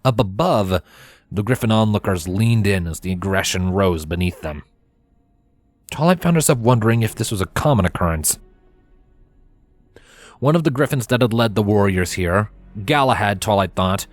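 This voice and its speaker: A man narrating a fanfiction chapter aloud in steady, expressive storytelling. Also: fairly low pitch, normal speed, long pauses, soft background music. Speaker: fanfiction reader. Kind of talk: scripted narration.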